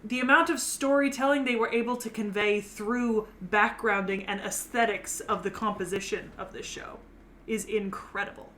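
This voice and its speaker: A woman's voice: mid-range voice, fairly even intonation, moderate pace, fairly bright tone, a little hiss or hum. A woman co-hosting a casual anime discussion, talking eagerly and groping for words mid-sentence. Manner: enthusiastic, searches for words. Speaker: podcast co-host. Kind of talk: casual chat.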